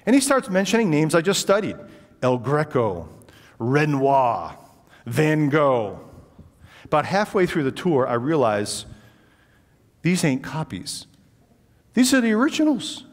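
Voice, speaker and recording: Male speaker, lively storyteller, hall reverb. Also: on the high side, unhurried, pauses often. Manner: animated, acts out dialogue. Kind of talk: storytelling talk.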